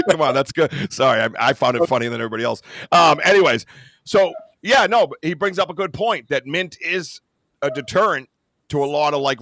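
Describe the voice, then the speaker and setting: A man hosting a podcast, chatting casually and joking loudly, swearing freely over a video call. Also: a little high, no room sound. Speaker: podcast host. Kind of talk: casual chat.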